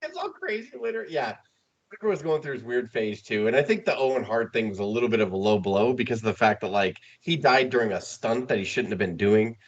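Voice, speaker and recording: A man co-hosting a podcast in casual chat, retelling a story with lively acted-out quotes. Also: lowish voice, brisk, muffled recording. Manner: animated storytelling, acting out quotes. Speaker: podcast co-host.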